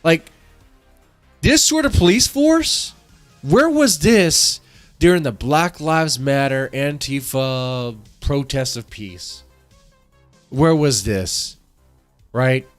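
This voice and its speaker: A man's voice: fairly high pitch, takes it slowly, pauses often, faint music behind. A man hosting a casual live-stream reaction, rambling and repeating himself as he talks to his chat, congested from allergies.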